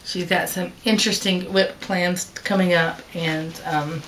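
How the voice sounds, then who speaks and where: A woman's voice: lowish voice, steady tone, measured pace, a bit bright, slight background noise. A woman vlogging casually to the camera about her stitching, chatty and rambling, often restarting her sentences. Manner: chatty, rambling, with fillers and self-corrections. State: hiccups.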